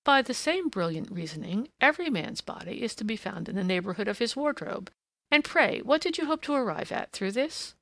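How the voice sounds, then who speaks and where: A woman voicing a cool, ironic gentleman detective from a storybook, drawling his lines with dry amusement. The voice has a gravelly edge and sounds close and dry, with no room around it. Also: fairly high pitch, big pitch swings, fairly quick, no room sound, exaggerated voice. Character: sharp-witted male detective, dry and teasing. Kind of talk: audiobook character reading.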